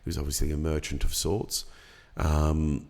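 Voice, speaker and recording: A middle-aged man, telling a personal story in a casual podcast chat, unhurried and reflective with many pauses and ums. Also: a bass voice, monotone, darkish tone. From Australia. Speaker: podcast guest.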